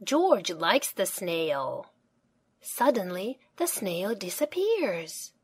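A woman reads a children's picture book aloud at an unhurried pace. Her pitch rises and falls in a lively, sing-song way as she tells the story. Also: breathy edge. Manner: slow, lively storytelling with character voices. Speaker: storybook reader.

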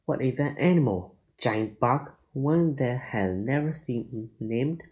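A man's voice: mid-range voice, animated, slow pace. A man reading aloud, voicing a cautious, worried young boy in a slightly raised, anxious voice, on a dull lo-fi recording. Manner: anxious careful exclaiming.

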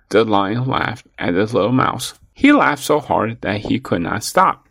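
A man narrating a children's story in an expressive storytelling manner. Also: on the low side, a little slow, gravelly, hardly any pauses, no room sound.

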